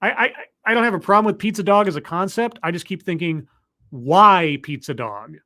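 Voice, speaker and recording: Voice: medium pitch, fast talker, a bit bright. A live stream host recapping a TV episode in a casual, rambling way, with sarcastic asides and restarts while clicking through footage. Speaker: show reviewer hosting a live stream.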